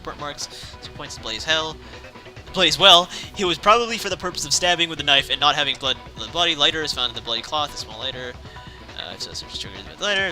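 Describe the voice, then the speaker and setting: A man's voice: a little high, pushed and bright. A young man casually playing through a visual novel, reading the text aloud, rambling, correcting himself and laughing often. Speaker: let's play host.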